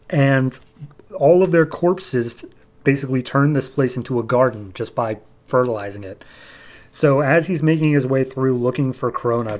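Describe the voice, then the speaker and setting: A man of middling pitch, chatting his way through a comic book recap in a loose, filler-heavy way. He moves fast from one beat to the next as a podcast host. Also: a little mellow.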